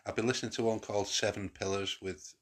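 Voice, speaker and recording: A man's voice: fairly low pitch, steady tone, fast talker. A man hosting a casual podcast chat, rambling with frequent restarts and fillers. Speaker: podcast host.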